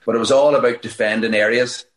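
Fast-talking northern irish man, roomy sound. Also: medium pitch, fairly even intonation. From Fermanagh, Northern Ireland. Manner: rapid storytelling, many restarts and chuckles. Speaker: guest, Gaelic football coach. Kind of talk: casual interview chat.

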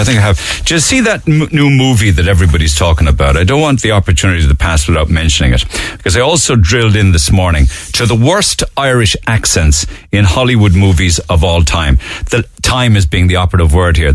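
A man's voice: low voice, no echo. A man with a Cork accent hosting a radio show in casual, chatty, mocking talk. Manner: chatty, mocking, laughs easily.

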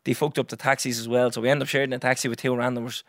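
A young Irish man hosting a podcast, telling a story in a lively, swearing, casual way and acting out what others said. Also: mid-range voice, rapid-fire, no echo, studio quality. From Ireland. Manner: animated, swears freely, acts out others' lines. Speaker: podcast host.

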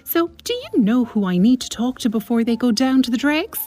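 A woman's voice: on the high side, sing-song, a little fast, mellow. A woman voicing a status-obsessed suburban socialite who gossips breathlessly in a comic radio sketch. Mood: gossipy. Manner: gossipy, breathless name-dropping.

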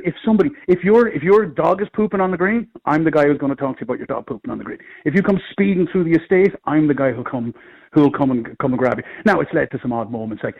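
A middle-aged Irish man, a comedian, telling rambling, animated anecdotes in casual chat. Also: on the high side, gravelly, breathy edge, lo-fi sound. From Ireland. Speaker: comedian guest. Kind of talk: casual storytelling.

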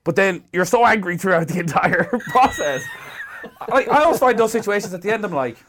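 A man's voice: sits high, expressive, brisk, background noise. A man, a podcast co-host chatting about parenting, often laughing and mimicking his own exasperated reactions. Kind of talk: casual chat.

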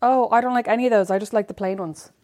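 A woman's voice: a little high, steady tone, quick pace, dark tone, no echo, clean studio sound. A woman from Ireland co-hosting a casual podcast chat in a teasing, playful way. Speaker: podcast co-host.

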